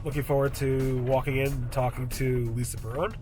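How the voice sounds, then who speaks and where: A man's voice: mid-range voice, level tone, a little fast, darkish tone, faint music behind. A man hosting a casual vlog, talking on the road and then chatting with a guest, with lots of fillers and jokes. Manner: chatty, filler-heavy, joking. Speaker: vlog host. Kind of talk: casual vlog talk and interview. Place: driving in a car, then indoors at an office.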